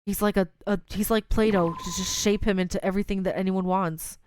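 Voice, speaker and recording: A woman's voice: medium pitch, steady tone, fairly quick, a little mellow, a little hiss or hum, poor audio. A woman hosting a let's play, reacting emotionally to the story and reading game lines aloud. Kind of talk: gameplay commentary and reading dialogue aloud.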